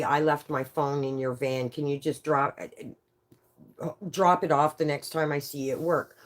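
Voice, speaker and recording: A woman from Canada telling a rambling, profane story live to an audience, full of quick asides. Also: low-pitched.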